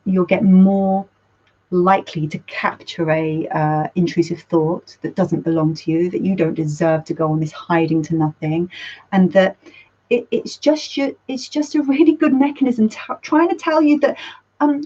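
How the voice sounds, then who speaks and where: Woman, counsellor hosting a chat, loose and self-correcting, a little low, dull lo-fi audio. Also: fairly even intonation, normal speed, dark tone. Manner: rambling, self-correcting, laughs at herself, swears casually. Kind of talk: casual talk. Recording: dull lo-fi sound.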